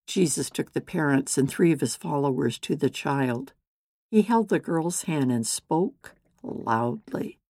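A woman narrating a Bible story in a measured, deliberate scripted reading. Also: deep voice, animated, dark tone, no room sound, clean studio sound.

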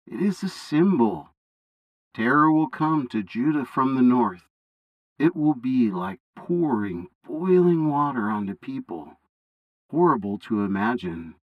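A man's voice: mid-range voice, expressive, unhurried, no echo, dull audio. A man voicing a timid young boy prophet who doubts himself, in a bible story reading, asking anxious, pleading questions. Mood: solemn.

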